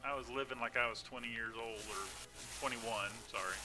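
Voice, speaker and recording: A man's voice: medium pitch, fairly even intonation, fairly quick, over music. A man chatting casually and laughing often while live-streaming a game.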